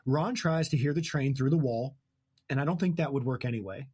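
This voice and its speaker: A man hosts a podcast, retelling a book in casual, chatty fashion. He jokes constantly, laughs at his own asides, and lets sentences trail off mid-thought. His voice sits at an ordinary middle pitch for a man. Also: brisk, darkish tone, slightly rough. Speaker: podcast host.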